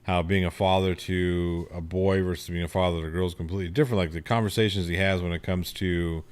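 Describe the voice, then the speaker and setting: A man co-hosting a podcast, telling stories in a relaxed, easygoing way. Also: low-pitched, quick pace, clear, resonant tone. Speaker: podcast co-host. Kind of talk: casual podcast chat.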